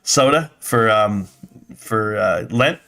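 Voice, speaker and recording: A lowish, creaky male voice with a sharp tone comes through slowly but animatedly. He hosts a casual livestream, rambling as he reads comments from viewers and swearing now and then.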